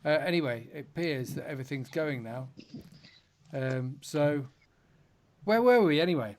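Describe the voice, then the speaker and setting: Male podcast host, teasing and dry, slightly higher voice. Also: animated, moderate pace, a little mellow. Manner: teasing, dryly apologetic. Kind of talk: casual chat.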